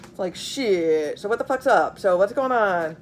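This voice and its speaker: A woman's voice: medium pitch, animated, measured pace, a little hiss or hum. A woman giving a casual tarot reading, blunt and profane, talking to viewers with lots of fillers and repeats. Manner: blunt, swears freely, many fillers; chatty, repeats herself while pulling cards. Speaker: tarot reader.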